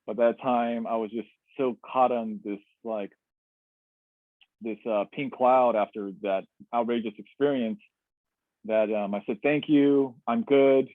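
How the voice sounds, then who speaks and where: A man's voice: lowish voice, fairly even intonation, a little slow, dry recording. A man telling a personal story as a webinar guest, candid and reflective, with many fillers and restarts. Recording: tinny dry webinar audio.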